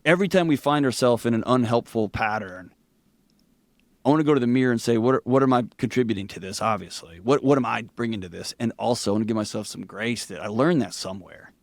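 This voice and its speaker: Middle-aged southern guy on a podcast, tells stories fast and animated, medium pitch. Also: no echo, studio quality. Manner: animated storyteller, quick bursts, laughs through anecdotes. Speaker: podcast guest. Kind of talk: candid conversational interview.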